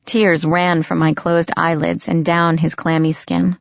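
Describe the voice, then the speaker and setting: A woman narrating a novel in first person, measured and unhurried. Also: sits low, little pitch movement, creaky, no room sound, muffled recording. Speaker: audiobook narrator.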